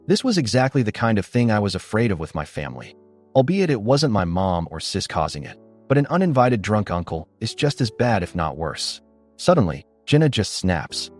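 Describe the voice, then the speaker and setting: A man giving scripted first-person narration of a story in a steady, animated storytelling delivery. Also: fairly low pitch, moderate pace. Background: faint background music.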